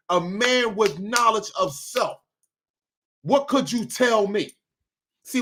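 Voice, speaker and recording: A man reacting to video clips in casual commentary, animated and emphatic, repeating lines for effect. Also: high-pitched.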